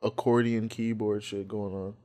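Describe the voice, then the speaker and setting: A young male co-host talks in an easy, unscripted way. His speech is loose and heavy with profanity, with a laugh never far off. He explains things with a relaxed shrug. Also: on the low side, moderate pace. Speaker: podcast co-host. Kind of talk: casual chat reacting to music videos.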